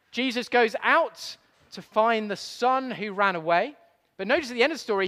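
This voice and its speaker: A man preaching a playful sermon, getting the congregation to join in and joking at his own slips. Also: high voice. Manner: lively, playful, self-deprecating. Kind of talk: sermon with audience participation. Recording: long hall reverb.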